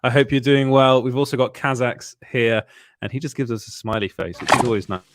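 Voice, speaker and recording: A man's voice: mid-range voice, fairly even intonation, brisk, background noise. A tired man hosting a live stream, chatting casually with lots of filler words and little chuckles. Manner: rambling, many "uh" fillers, frequent chuckles. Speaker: host of a live show.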